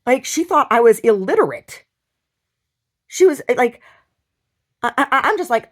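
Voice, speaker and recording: A woman telling a personal story in a video diary, upset, rambling and halting with many restarts and repeated words. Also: sits high, big pitch swings. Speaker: video diarist.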